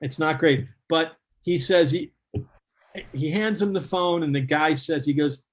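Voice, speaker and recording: Animated higher-voiced man telling stories. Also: a little slow. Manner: animated, laughing storyteller who acts out quotes. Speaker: guest storyteller. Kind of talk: casual anecdote telling.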